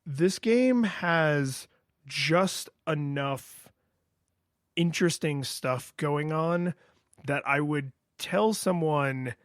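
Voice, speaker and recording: A man's voice: on the high side, drawn-out words, no room sound, clean studio sound. A man co-hosting a podcast, chatting casually and rambling through a retro game review with many fillers and restarts. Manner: rambling, lots of fillers and restarts, acts out his own past excitement. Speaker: podcast co-host.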